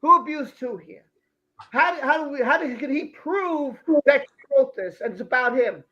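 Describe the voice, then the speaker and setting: A man's voice: very high voice, animated, normal speed, a bit bright, muffled recording. A man hosting a live stream, ranting heatedly and repeating himself as he reacts to news coverage. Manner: heated, repeats phrases, talks over the clip. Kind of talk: angry ranting commentary.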